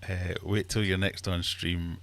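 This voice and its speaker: A man hosting a casual livestream from his fish room, chatty and quick to laugh while telling jokes. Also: low voice, little pitch movement, a bit bright. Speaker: livestream host.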